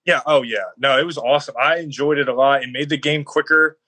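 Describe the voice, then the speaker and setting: Bright, chatty young man. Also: a little high, a little fast, no room sound, poor audio. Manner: rambling, heavy on "like" fillers, animated storytelling. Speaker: guest football player. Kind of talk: casual podcast interview.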